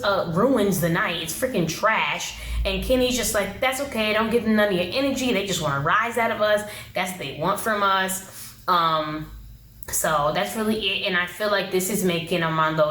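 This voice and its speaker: A woman's voice: medium pitch, a bit bright, slight background noise. A woman giving a blunt, slangy casual recap of a TV episode, acting out the people she quotes. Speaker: TV show reviewer. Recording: roomy echo.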